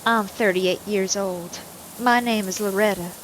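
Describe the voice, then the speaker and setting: A woman's voice: medium pitch, steady tone, unhurried, slight background noise, lightly acted, poor audio. A woman voicing a brash 38-year-old Southern housewife in a put-on Southern drawl, reading her lines like a playful storybook. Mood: boastful.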